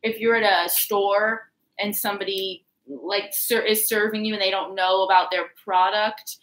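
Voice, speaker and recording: A woman with a bright, clear voice talks over an astrology reading in an easy, relaxed way, thinking aloud with plenty of fillers. Her voice rings a little in a roomy, echoey space. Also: medium pitch, moderate pace. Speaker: astrology reader. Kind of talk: casual astrology chat. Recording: roomy echo.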